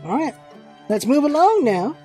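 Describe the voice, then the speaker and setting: Brief: casual gamer woman, jokey, lively pitch, mellow tone, faint music behind. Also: normal speed. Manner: chatty, jokey, laughs at herself. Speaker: let's-play host reading game dialogue. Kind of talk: casual gameplay commentary.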